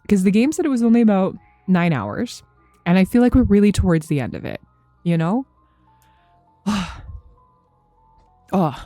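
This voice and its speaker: Thirties woman, streamer, low and mellow, rambling chat, casual swearing, dry close mic. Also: no room sound. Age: 30s. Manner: rambling, chatty, swears freely, laughs often. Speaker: game streamer.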